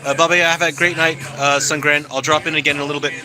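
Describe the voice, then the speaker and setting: A man's voice: fairly high pitch, level tone, racing, over music, rough recording. A man chatting casually and cheerfully on a live stream, answering his viewers as he goes. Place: hangout spot in California.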